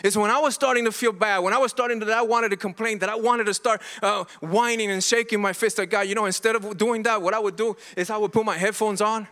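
A man's voice: sits high, steady tone, quick pace, few pauses, bright, forceful tone. A middle-aged man preaching a sermon as pastor, earnest and impassioned, often restarting and repeating himself.

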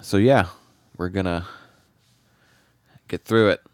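A man's voice: sits low, slow pace, no room sound, clean studio sound. A man co-hosting a podcast in casual chat, congested from a cold and often exasperated. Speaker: podcast co-host.

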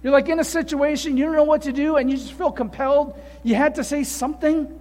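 A male preacher with a very high voice leads a sermon, telling the story with animation and asking his listeners one rhetorical question after another. The sound rings out with a long echo, as in a big hall. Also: fairly even intonation, fast, a little mellow. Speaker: pastor.

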